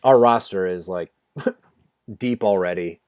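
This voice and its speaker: His voice sits low and unhurried, a little mellow, with a clean tone and no room sound. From home on a video call, he co-hosts a fantasy football draft stream, speaking casually in a rambling way, restarting often and peppering in "like."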